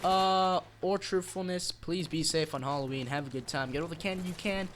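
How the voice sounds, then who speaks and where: Brief: male vlogger, slightly high voice, rambling dark-joke delivery, noisy track with clicks and gunfire. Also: moderate pace. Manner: rambling, dark-joking, self-interrupting. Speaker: channel host. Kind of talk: joking rambling vlog.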